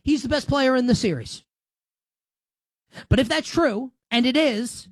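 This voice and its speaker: A man's voice: very high-pitched, measured pace, no echo. A man hosting a sports talk show, giving opinionated commentary in an emphatic, sarcastic way.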